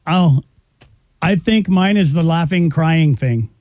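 A man's voice: on the high side, slow pace, a little mellow, no room sound. A man hosting a radio show, chatting casually and teasing his co-host with playful questions. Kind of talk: casual on-air chat. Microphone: studio microphone.

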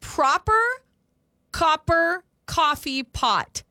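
A woman's voice: high-pitched, very slow, bright, forceful tone, no room sound, studio quality. A woman co-hosting a show, teasingly leading a tongue twister game in casual chat. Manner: teasing, prompting.

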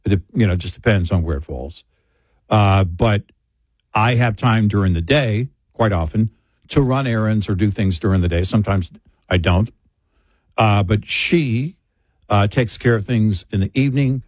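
Older male co-host, lowish voice, dry close sound, rambling casual chat, grandfather type. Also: moderate pace, a little mellow, no echo. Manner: rambling, self-correcting, chatty. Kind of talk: casual talk show chat.

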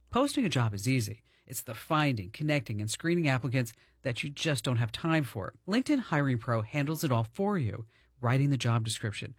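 A man reads a radio commercial in a persuasive, polished delivery. His voice is a bit husky and sounds close and dry. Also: no room sound. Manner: smooth, persuasive pitch. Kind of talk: read radio ad.

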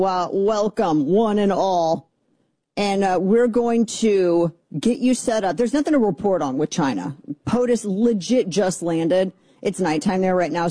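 Low, mellow-voiced woman radio talk host. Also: no echo. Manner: chatty and opinionated, sarcastic asides. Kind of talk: casual political talk radio monologue. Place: radio studio.

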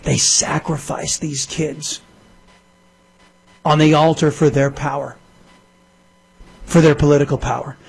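A man's voice: on the high side, steady tone, measured pace, vocal fry, long pauses, darkish tone, breathy edge. Indignant talk radio host, a man. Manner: indignant, emphatic, repetitive. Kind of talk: political talk radio monologue.

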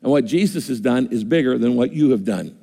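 A man's voice: mid-range voice, expressive, fairly quick, creaky, mellow, slightly rough. A man preaching a sermon as pastor, earnest, repeating words for emphasis. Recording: echoey hall reverb.

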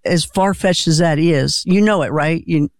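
A woman's voice: sits low, normal speed, no echo, studio quality. A woman hosting a late-night call-in radio show, asking questions in a supportive way. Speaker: radio host.

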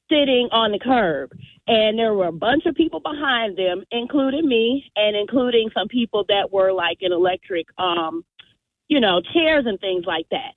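A woman phones in to a talk show and tells her story with animation, acting out what people said. Her voice sits high, and it comes through a narrow, tinny phone line with no room sound. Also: no room sound. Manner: animated storyteller, acts out quotes. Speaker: caller. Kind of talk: call-in radio story.

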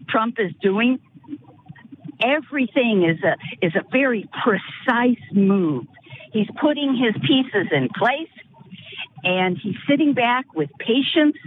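A woman calling in to a radio show, emphatic and tripping over repeated words. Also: fairly high pitch. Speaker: caller. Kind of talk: call-in chat. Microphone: phone line. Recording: tinny phone line with faint hiss.

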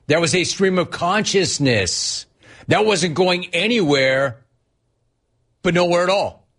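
Husky, riffing male talk radio host. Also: fairly high pitch, unhurried. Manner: energetic, riffing, mock-exasperated.

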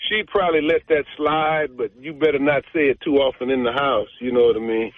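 A man's voice: mid-range voice, fairly even intonation, a little fast, narrow, tinny audio. A man calling in to a radio show, telling a story with emphatic repetition. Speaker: caller. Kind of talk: phone-in conversation.

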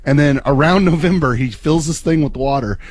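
Man, radio co-host, excitable storyteller, slightly high voice, dry studio mic. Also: fairly quick, no echo. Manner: excitable, laughs while telling. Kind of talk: animated storytelling on air.

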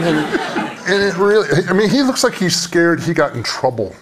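A man's voice: a little high, expressive, normal speed, a crowd in the background. Joking middle-aged man on a panel. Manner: jokey, acts out quotes in silly voices. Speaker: panel guest. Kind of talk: lively panel banter.

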